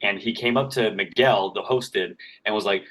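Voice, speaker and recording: A man with a fairly low voice tells a story in loose, rambling podcast chat. He swears freely and leans on fillers like "like" and "you know". Let him wander through his tale at an easy, conversational pace. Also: moderate pace, fairly bright tone, rough recording. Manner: rambling, profane, lots of fillers. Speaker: podcast co-host. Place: worked in Vegas.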